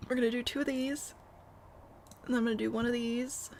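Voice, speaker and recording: Wry woman streaming, with gravelly fry. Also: on the high side, fairly even intonation, a little fast, a little hiss or hum. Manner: wry, self-deprecating, reads chat aloud and answers. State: has the hiccups. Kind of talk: casual live-stream chatter while building in a game.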